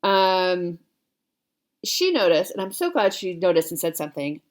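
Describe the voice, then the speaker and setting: A woman's voice: on the low side, very animated, normal speed. A woman in her forties chatting casually to viewers as a cross-stitch vlogger, rambling along with fillers and self-corrections. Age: 40s.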